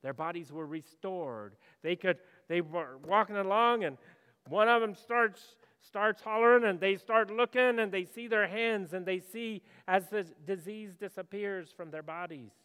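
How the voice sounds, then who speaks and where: Man, pastor, sermon, fairly high smooth voice, church hall reverb, rhetorical questions. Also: unhurried. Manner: conversational preaching with rhetorical questions, swings from loud to hushed.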